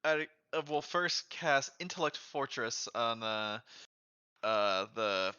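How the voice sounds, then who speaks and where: A man playing a tabletop game, stalling with ums and uhs as he works out his character's moves. His voice is bright and pointed. The sound is dry, dull and lo-fi. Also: medium pitch, animated, slow, smooth, no room sound. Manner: hesitant, many ums and uhs. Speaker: player. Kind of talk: casual tabletop play.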